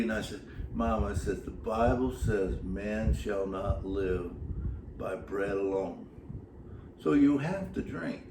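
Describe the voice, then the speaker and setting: A man's voice: mid-range voice, animated, moderate pace, reverberant, distant mic, background noise. A man, a son telling family stories about his mother in a folksy way, with many fillers and repeats. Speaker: son giving a tribute, gospel singer.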